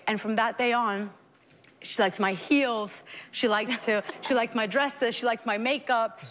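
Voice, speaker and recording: An earnest woman with a slightly high voice recounts a personal story as an interview guest, acting out quoted dialogue with feeling. Her voice carries a long studio reverb. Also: fairly even intonation, a little slow, fairly bright tone, slight background noise. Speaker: guest, mother sharing her daughter's treatment story.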